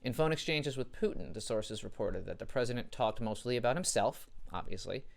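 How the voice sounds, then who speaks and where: A man's voice: mid-range voice, fairly quick, gravelly. A young adult man hosting a comedy show, delivering a satirical news monologue with dry, sarcastic jokes.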